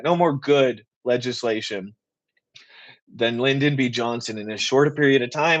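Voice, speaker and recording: A man hosting a live Q and A stream, talking in a passionate, rapid, rambling way. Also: mid-range voice, muffled recording. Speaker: political writer and activist host.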